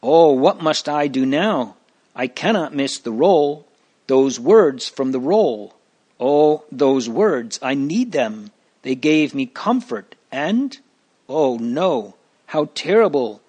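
A man's voice: a little high, expressive, slow, darkish tone, breathy edge, exaggerated voice. A man voicing an earnest, fearful young male pilgrim in a storybook reading, pleading and lamenting. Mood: panicked.

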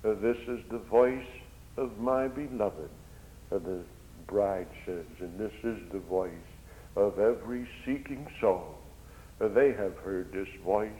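A man's voice: fairly low pitch, a little slow, dark tone, slight background noise. A man preaching a sermon, impassioned, his voice swelling and dropping. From Netherlands. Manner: impassioned, swells and drops in volume. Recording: dull lo-fi recording.

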